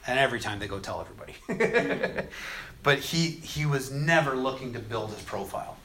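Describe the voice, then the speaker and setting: An expressive man speaking at a moderate pace tells lively scripture stories in a casual faith talk. He dramatizes the quotes, laughs a lot, and softens to a low, quiet voice for gentle moments, over slight background noise.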